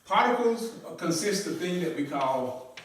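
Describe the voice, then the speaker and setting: A man's voice: high voice, animated, measured pace. A man teaching Arabic to a class in a mosque, often asking questions and repeating students' answers. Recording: echoey room, voice from far off.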